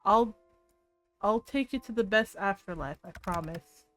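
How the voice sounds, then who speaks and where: A woman voicing a caring young male grim reaper, reading his game dialogue aloud with gentle, tender reassurance. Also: medium pitch, unhurried, faint music behind, close to an everyday voice.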